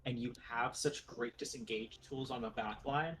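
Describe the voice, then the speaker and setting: A man casting a live video game match, excitable and quick to laugh. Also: mid-range voice, background noise. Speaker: esports caster.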